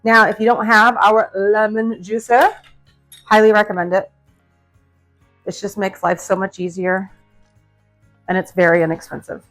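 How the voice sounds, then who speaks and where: A woman's voice: medium pitch, steady tone, moderate pace, pauses often, a bit bright, faint music behind. A middle-aged woman hosting a casual cooking demonstration in her home kitchen, chatty and upbeat, talking to her viewers. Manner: chatty, upbeat, addresses viewers as guys and friends. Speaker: cooking channel host.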